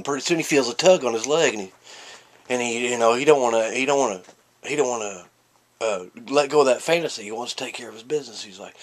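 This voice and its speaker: A man casually telling jokes, rambling with lots of fillers and restarts and jumping into loud, excited bursts when he acts out the characters. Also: medium pitch, brisk.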